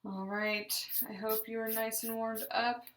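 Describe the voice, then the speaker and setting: A woman leading a group voice exercise class, giving slow, deliberate, encouraging instructions. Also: a little high, flat delivery, fairly bright tone, a little hiss or hum. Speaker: voice therapy exercise leader. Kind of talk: guided speech exercise class. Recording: roomy sound from a distance.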